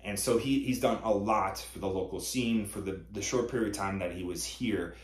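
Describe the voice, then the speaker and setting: A man's voice: lowish voice, moderate pace, echoey room. A man who runs a comedy company, giving an earnest live-streamed announcement full of thanks.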